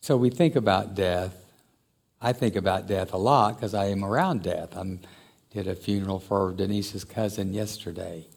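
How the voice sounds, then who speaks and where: A man's voice: deep voice, normal speed, creaky, darkish tone. A man preaching a sermon in a conversational, reflective way that builds to emphatic exhortation. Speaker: pastor.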